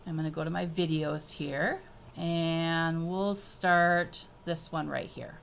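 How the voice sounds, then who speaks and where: A woman presenting an upbeat, chatty software tutorial as she clicks through a screencast. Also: low voice, steady tone, slow, vocal fry, a little hiss or hum. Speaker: edtech presenter.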